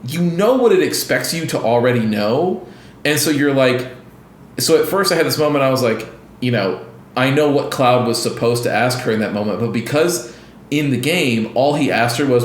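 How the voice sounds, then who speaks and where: A man's voice: mid-range voice, roomy sound. A man co-hosting a casual gaming podcast, rambling with lots of restarts and fillers and acting out scenes as he retells them. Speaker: podcast co-host.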